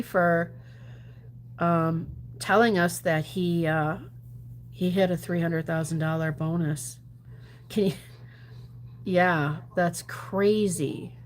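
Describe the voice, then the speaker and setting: A woman talking to her viewers on a casual livestream. She is chatty and animated, laughing often. Her voice swings from lively bursts down to low mutters and whispers. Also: a little hiss or hum. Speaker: gambling livestreamer. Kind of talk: casual livestream chat, answering viewer comments.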